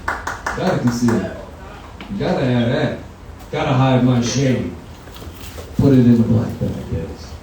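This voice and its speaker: A man's voice: mid-range voice, measured pace, long pauses, background noise. A man doing a stand-up comedy set, telling loose, profane stories in a conversational way. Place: comedy venue lounge, indoors. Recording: echoey room from far off.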